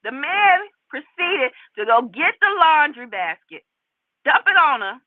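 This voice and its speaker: A woman hosting her own commentary channel, talking straight to her viewers in a casual, animated way and repeating her points for emphasis. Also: sits high, measured pace, no room sound. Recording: tinny phone-like sound, dry.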